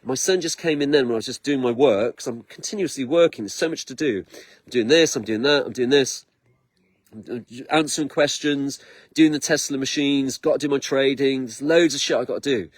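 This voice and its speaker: A middle-aged man talking excitably in a rambling vlog from his garden, repeating himself and tripping over his words. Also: medium pitch, a little fast, breathy edge, no echo. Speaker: vlogger. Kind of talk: rambling personal vlog monologue.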